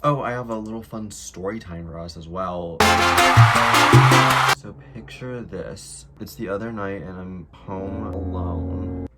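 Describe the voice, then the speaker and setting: A man's voice: low voice, unhurried. A man chatting casually in a get-ready-with-me vlog at home, rambling with lots of fillers and the odd swear word. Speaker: vlogger. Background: loud background music.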